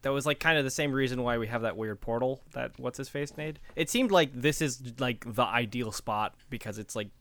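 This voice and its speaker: A man's voice: medium pitch, fairly quick, hardly any pauses, a bit bright. A man playing a tabletop game, musing aloud in a tentative way. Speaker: player.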